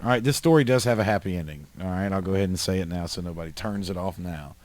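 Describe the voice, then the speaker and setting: A man from upstate New York, hosting a podcast and telling animated, profane stories in casual chat. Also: deep voice, fast. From Highland, New York. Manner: animated storyteller, swears freely. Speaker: podcast host.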